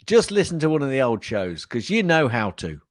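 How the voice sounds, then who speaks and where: A man with a Birmingham accent co-hosting a casual podcast, teasing and laughing through animated banter. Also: medium pitch, a little fast, no room sound, studio quality. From England. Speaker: podcast co-host. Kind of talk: casual chat.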